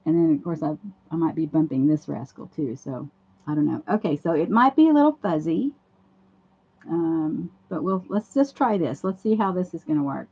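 A hoarse woman hosts a casual craft livestream, chatting through each step as she works at a home craft table. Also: deep voice, very animated, normal speed. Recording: dull lo-fi livestream audio.

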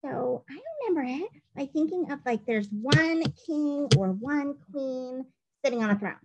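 A woman teacher giving a recorded phonics dictation lesson, playful and spelling things out clearly. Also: high-pitched, expressive, normal speed, darkish tone, lo-fi sound, a little hiss or hum.

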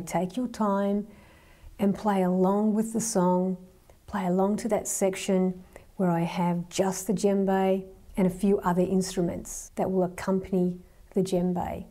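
Woman, drum teacher, slow patient counting, warm mellow voice. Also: mid-range voice. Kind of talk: hand drumming lesson.

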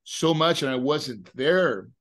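A middle-aged real estate investor, appearing as a podcast guest, tells an emotional personal story in a casual way, repeating words and often asking "right?". His voice is a little high and a bit bright, animated but slow.

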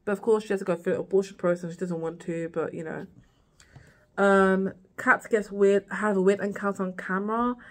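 A woman's voice: mid-range voice, fairly even intonation, a little fast. A woman vlogging a casual, rambling recap of a TV series, full of "like" and "girl" asides.

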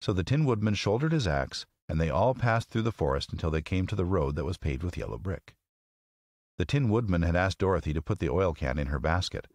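A man narrating a classic children's story as an audiobook, with an expressive, measured reading. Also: deep voice, no room sound, clean studio sound.

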